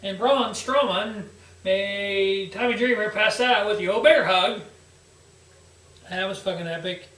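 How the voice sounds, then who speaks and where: A man's voice: high voice, unhurried, bright, forceful tone. A man hosting a wrestling review show, giving a blunt, sarcastic casual recap and swearing freely. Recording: roomy echo, distant from mic.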